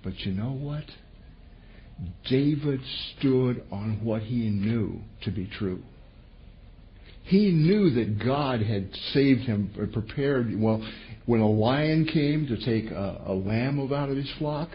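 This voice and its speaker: A man preaching a sermon, telling a scripture story with lively, animated delivery and voicing the characters' words. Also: a little slow. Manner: animated storytelling, voices quotes with sudden pitch jumps. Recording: dull lo-fi recording with faint noise.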